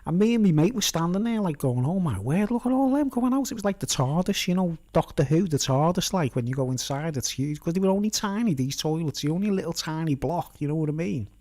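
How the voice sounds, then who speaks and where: Middle-aged merseyside bloke rambling through a story to camera, keeps going "right?" and "you know what i mean". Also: male voice, a little high, animated, quick pace, hardly any pauses, a little mellow. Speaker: vlogger. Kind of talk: rambling anecdotal monologue.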